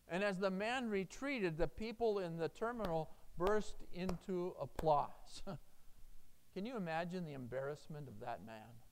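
A man's voice: on the high side, moderate pace, smooth. A man preaching a sermon as pastor, earnest and emphatic, telling stories with animation.

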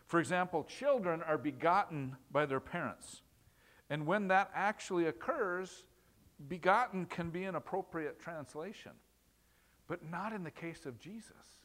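A man's voice: on the high side, unhurried, a bit bright. Man preaching a conversational sermon. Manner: conversational, asks the congregation questions, repeats words for emphasis. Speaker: pastor. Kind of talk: sermon teaching on scripture.

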